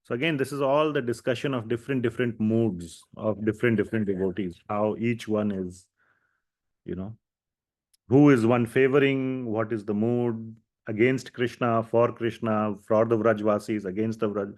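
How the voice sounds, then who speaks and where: A man's voice: fairly low pitch, fairly even intonation, normal speed, a little mellow. A man teaching a scripture class, who retells the dialogue of the story in a storytelling manner and uses casual fillers as he goes. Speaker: lecturer.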